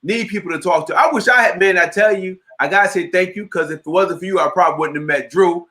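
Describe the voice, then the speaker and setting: Earnest high-voiced male host. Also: fast talker. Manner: earnest and reflective, quotes others in lively asides. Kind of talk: casual chat.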